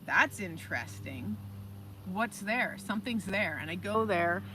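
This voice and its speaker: A woman hosting a live stream, telling stories in a casual, animated way and reading out viewer comments. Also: medium pitch, a little slow, slight background noise. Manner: animated, chatty, reads viewer comments aloud. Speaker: livestream host.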